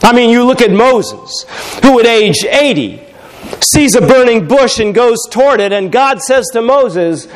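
A man's voice: very high voice, very animated, unhurried, poor audio. A man preaching a sermon in a conversational, humorous storytelling way.

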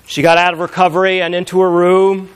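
A man preaching a sermon, moving between loud, emphatic passages and hushed, intimate storytelling. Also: sits high, flat delivery, fast talker, clear, resonant tone.

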